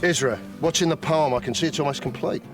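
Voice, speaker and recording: A man's voice: fairly high pitch, quick pace, music in the background. A man hosting and compering a poetry slam, upbeat and bantering. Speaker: show host and MC. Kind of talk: TV presenting and compering.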